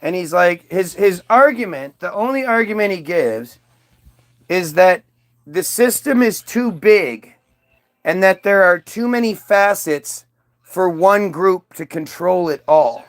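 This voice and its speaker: A man with a noticeably high voice tells a casual, rambling story. He keeps restarting his sentences and leans on fillers. The sound is dry and close, with no room echo. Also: expressive, slow.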